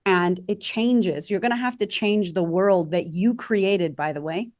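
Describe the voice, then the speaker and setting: A woman's voice: medium pitch, a little slow, darkish tone, no room sound, studio quality. A woman confidence coach talking animatedly as a podcast guest, acting out quoted voices. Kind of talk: podcast interview.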